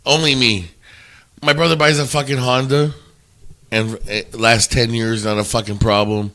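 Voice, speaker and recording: A man's voice: medium pitch, moderate pace. Man, podcast host, casual chat, swears a lot, stumbles into stories. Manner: swearing, animated storytelling with stammered restarts.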